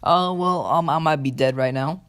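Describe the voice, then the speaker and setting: A man's voice: fairly high pitch, normal speed, a bit bright, clean tone. A man voicing a panicked young female ninja who sounds resigned.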